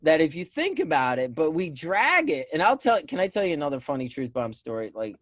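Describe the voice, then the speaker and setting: A man co-hosting a casual talk show, telling stories that poke fun at himself. His pitch swings widely as he talks, and he breaks into loud laughter at his own jokes. The sound is dry and close to the mic. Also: fairly quick, no echo. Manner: animated, self-deprecating storyteller, gets loud when laughing. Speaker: podcast co-host. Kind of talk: casual chat.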